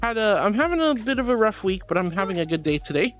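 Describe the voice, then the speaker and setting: A VTuber livestreamer reads chat and gives viewers a pep talk, affectionately calling them honey and sweetheart, with faint music in the background. She moves between soft, reassuring advice and high, excited thanks.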